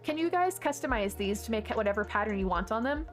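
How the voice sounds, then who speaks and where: Bubbly chatty woman streamer, high voice. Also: expressive, fast, faint music behind. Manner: bubbly, chatty, gasps and exclaims often. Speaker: live streamer. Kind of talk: casual gaming stream chat.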